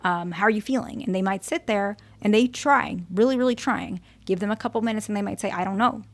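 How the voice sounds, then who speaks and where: A woman's voice: medium pitch, fairly quick. A woman therapist talking through relationship advice in an earnest way, using everyday examples and repeating words for emphasis. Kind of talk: advice talk to camera.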